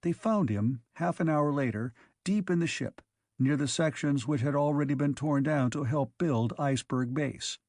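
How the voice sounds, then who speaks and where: Man narrating a sci-fi story, measured. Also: on the high side, darkish tone, no room sound, clean studio sound. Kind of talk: scripted audiobook narration.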